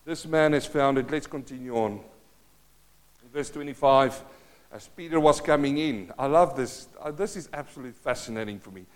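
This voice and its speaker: A pastor in his fifties with a South African accent preaches passionately in a mid-range voice at normal speed, swinging between loud declarations and hushed asides.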